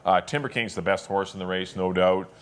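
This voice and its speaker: A man giving his horse racing picks in a relaxed, halting way, with plenty of filler words. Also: sits low, a little hiss or hum. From Canada. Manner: relaxed, hesitant with many uhs. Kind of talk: casual racing picks chat.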